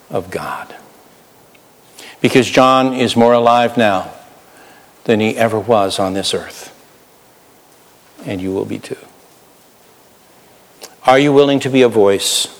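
A pastor preaches an animated sermon in a large hall, his medium-pitched voice jumping between loud outbursts and hushed asides as he acts out voices.

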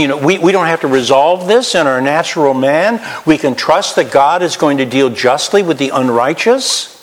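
A man preaching a sermon as pastor, swinging from loud emphatic highs to quiet low asides. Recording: long hall reverb.

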